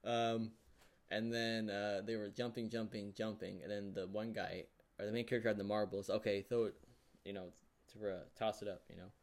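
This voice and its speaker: A man vlogging a casual, rambling recap of a show, full of fillers and excited reactions. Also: lowish voice, moderate pace. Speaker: YouTuber.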